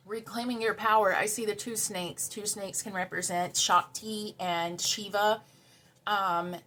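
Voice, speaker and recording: With a medium-pitched, fairly bright voice, a tarot reader offers a spiritual card reading to her viewers. Her tone is heartfelt and emotional, and she emphasizes key words by saying them again.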